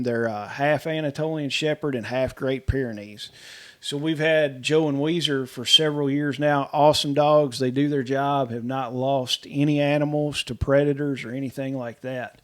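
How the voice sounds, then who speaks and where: A middle-aged man, telling animated stories about his homestead and acting out the people in them. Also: a little high. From Kentucky, US. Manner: animated, quotes people in dialogue, laughs often. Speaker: homesteader guest. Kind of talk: casual storytelling.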